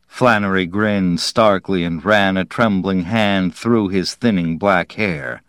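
Slow, low-voiced male audiobook narrator. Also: a bit bright, clear, resonant tone, dry recording, clean studio sound. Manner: measured and deliberate.

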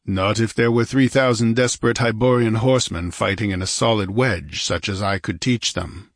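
A man voicing a calm, grim barbarian warrior. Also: lowish voice, moderate pace, no echo, studio quality. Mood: cold, certain. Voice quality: calm, imperturbable.

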